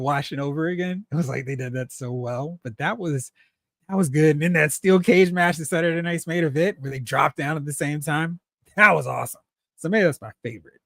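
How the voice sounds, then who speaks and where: Male livestream host, slightly high voice, chatty and animated, close dry mic. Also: no room sound. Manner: animated, laughs often, acts out exclamations. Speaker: toy collecting livestream host. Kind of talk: casual livestream chat reading comments.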